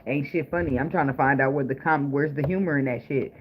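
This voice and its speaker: Speaking fast in a mid-range voice, a tarot reader casually reads cards, blunt, profane and joking, laughing often. The audio sounds dull, noisy and marked by clicks.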